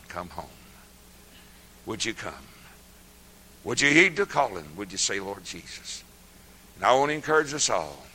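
An older man preaching a sermon, folksy and laughing often, swinging from hushed murmurs to loud shouts. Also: on the low side, slight background noise, poor audio.

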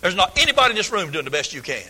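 A man's voice: high-pitched, sing-song, rapid-fire, sharp tone. A man preaching a folksy, emphatic sermon, sometimes mimicking his listeners' excuses. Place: church sanctuary. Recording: long hall reverb.

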